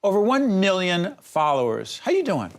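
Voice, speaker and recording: A middle-aged man hosting a TV studio interview, asking quick, jokey questions and cutting in often. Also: high voice, wildly swooping pitch. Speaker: TV interview host.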